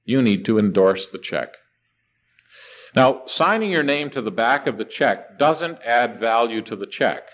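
Animated male preacher asking questions. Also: medium pitch, rough recording. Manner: rhetorical questions, slows down to stress words. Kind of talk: sermon.

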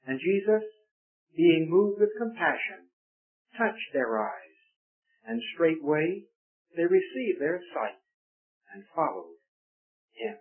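Male preacher, measured, emphatic scripture reading and prayer, raised voice, lo-fi recording. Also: on the high side, lively intonation. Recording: tinny, phone-like lo-fi recording.

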